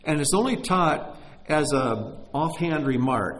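A man's voice: on the high side, lively intonation, unhurried, fairly bright tone. A man preaching a sermon in a conversational teaching tone, with emphatic rises and frequent restarts.

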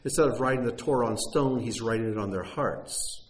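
A middle-aged man preaching a sermon in an earnest teaching tone, restarting phrases and rising in pitch on key points. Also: a little fast, low-quality recording.

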